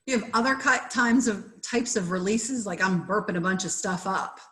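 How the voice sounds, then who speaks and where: A woman's voice: medium pitch, moderate pace, bright, forceful tone. A woman co-hosting a webinar, chatting and joking about her reactions to the exercise on a video call. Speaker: co-host. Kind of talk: casual chat.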